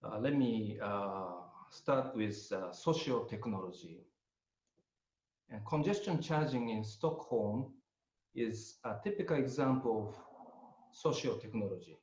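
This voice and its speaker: An older man with a Japanese accent presents a webinar lecture, his English measured and halting, with many pauses. The sound is roomy and a little muffled. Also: on the low side, lively intonation, darkish tone. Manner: hesitant, many pauses and fillers. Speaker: guest lecturer. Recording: roomy, slightly muffled audio.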